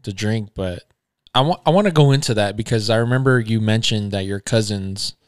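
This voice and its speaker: A man's voice: fairly low pitch, a little fast, clear, resonant tone, no echo, clean studio sound. A man in his mid-twenties, co-hosting a podcast in casual chat, laid-back and swearing freely in slang. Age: 20s. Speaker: podcast co-host.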